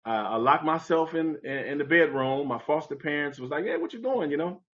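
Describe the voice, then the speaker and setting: A man, a little fast and a bit bright, shares an animated story from his youth as a guest in a podcast conversation. He acts out others' words with big pitch jumps, heard through a muffled recording.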